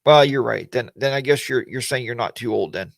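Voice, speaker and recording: A man's voice: medium pitch, fairly quick, gravelly, no room sound. A man hosting a casual weekly livestream chat, rambling in a folksy way and greeting viewers by name.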